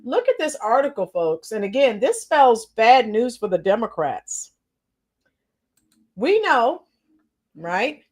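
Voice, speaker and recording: A woman hosting a casual political livestream, greeting viewers by name with frequent fillers and throat clearing. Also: on the high side, big pitch swings, takes it slowly, long pauses. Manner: clears her throat often. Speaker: political commentary channel host.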